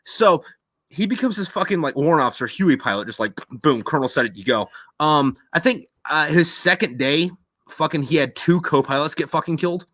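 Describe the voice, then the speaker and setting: A man's voice: a little high, expressive, brisk, fairly bright tone, no echo. A man hosting a podcast, telling a rambling, profane war story in casual chat and acting out quoted voices. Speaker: podcast host.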